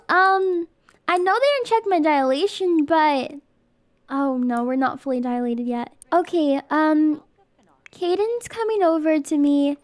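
A woman's voice: high-pitched, dry recording. A woman hosting a casual let's play, gushing and exclaiming as she comments and reads game text aloud. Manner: excitable, gushing, exclaims often.

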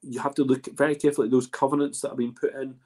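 A man's voice: medium pitch, flat delivery, racing, a little mellow. A man hosting a whisky tasting in a casual, rambling way, full of restarts and fillers. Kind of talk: casual spoken presentation.

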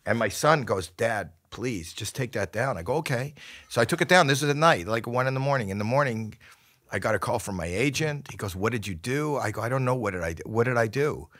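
An older man, a podcast guest, talking in casual chat, flustered and halting with many restarts. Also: mid-range voice, expressive, fairly bright tone. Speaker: celebrity guest.

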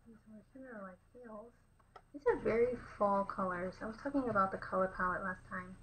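Young woman artist talking thru her painting, soft and quiet, half whispering, bit of hiss. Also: medium pitch, fairly quick, low-quality recording. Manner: soft-spoken, often dropping to a near whisper. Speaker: artist and channel host. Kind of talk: casual commentary while painting.

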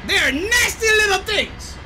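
A woman voicing a grumpy middle-aged male cartoon mad scientist, shouting and ranting over gameplay. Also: very high voice, lively intonation, normal speed, a little hiss or hum, heavily acted. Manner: shouty, ranting, self-pitying. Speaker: gaming streamer. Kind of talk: gameplay commentary in character.

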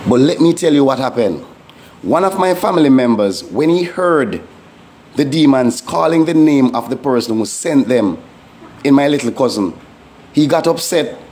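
A man's voice: mid-range voice, a little mellow. A man, a pastor, giving a testimony sermon in an earnest, emphatic preaching manner with repeated warnings.

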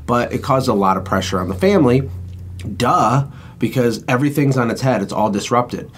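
A man hosting a podcast, an entrepreneur talking in an energetic, emphatic, motivational way. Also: mid-range voice, brisk, a little hiss or hum. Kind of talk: casual chat.

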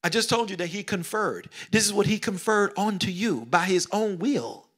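A middle-aged man preaching a sermon, swinging between loud exclamations and hushed whispers, repeating phrases and calling out questions to the congregation. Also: high-pitched, animated, moderate pace, breathy edge. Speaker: pastor.

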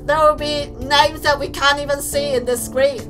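Brief: young woman gamer, very high and bright voice, gleeful shouty commentary. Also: moderate pace, soft background music. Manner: excitable, gleeful, shouting and playfully menacing. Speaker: gaming streamer. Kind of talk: let's play commentary.

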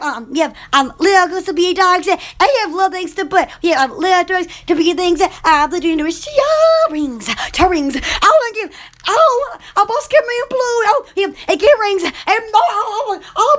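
A woman hosting a rambling, casual live chat with viewers, gushing with excited exclamations. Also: very high-pitched. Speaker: live-stream host chatting with viewers.

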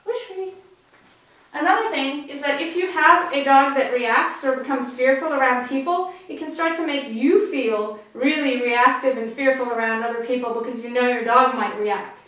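A woman's voice: high-pitched, moderate pace, hardly any pauses, fairly bright tone. A woman dog trainer giving an upbeat, friendly instructional talk. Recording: very echoey, distant mic.

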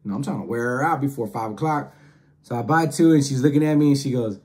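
A man telling a casual story in slangy, animated talk, acting out the other voices. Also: mid-range voice, fast. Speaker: storyteller host.

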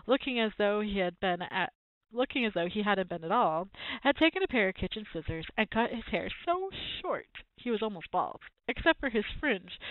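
A woman reads a children's book aloud, lively and expressive in her storytelling. Her voice is dry and close. The sound is thin and narrow, like a phone line. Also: mid-range voice, no echo. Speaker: reader.

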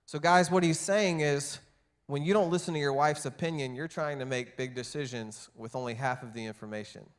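A man preaching a sermon as pastor, telling stories and acting out the people he quotes, his loudness rising and falling. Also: mid-range voice, fairly quick. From Texas. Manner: storytelling, acts out quoted voices with big swings in loudness. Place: church.

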